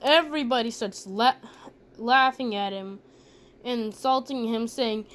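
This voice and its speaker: A woman's voice: on the high side, unhurried, a bit bright. Chatty woman telling a fan story. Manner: chatty, rambling asides. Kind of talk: casual fan-story narration.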